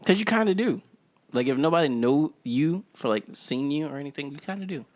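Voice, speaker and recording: Brief: lively young New York guy, podcast co-host, slangy banter, giggles constantly, pitch jumps around. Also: fairly quick. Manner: laughs often, loose slangy banter. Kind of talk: casual chat.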